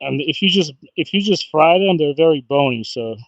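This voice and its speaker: A man chatting casually on a fishing livestream outdoors, excitable and talkative, often bursting into whoops and laughs. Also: on the high side, moderate pace, no echo, dull audio. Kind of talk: casual live-stream chat. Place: outdoors by the water.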